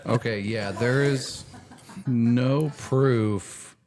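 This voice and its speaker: A man's voice: medium pitch, extremely slow, a little mellow. A man hosting a casual podcast chat, telling the story of his trip. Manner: chatty, storytelling trip recap. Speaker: podcast host.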